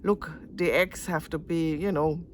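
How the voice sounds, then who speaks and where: A woman's voice: sits low, steady tone, measured pace, a little hiss or hum. A woman voicing a practical male worker bee asking for help with a building job in a storybook tale. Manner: practical, fumbling for words.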